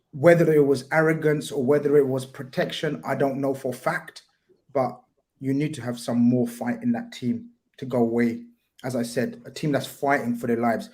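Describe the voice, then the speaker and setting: A man's voice: on the high side, darkish tone. A man with a London accent ranting and teasing his friends in a casual football chat on a podcast.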